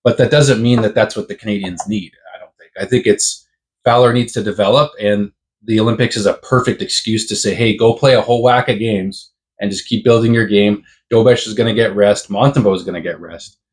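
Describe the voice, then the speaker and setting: A man's voice: lowish voice, fairly quick. A man co-hosting a sports podcast in a loose, chatty way. He laughs easily and argues his points back and forth with the others. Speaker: podcast co-host. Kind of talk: casual sports chat.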